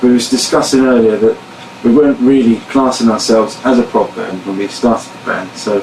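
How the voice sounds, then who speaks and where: A man in a band answering fan questions in a casual live chat, steady and explanatory. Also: medium pitch, fairly quick. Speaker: band member. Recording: echoey room, distant mic, faint noise.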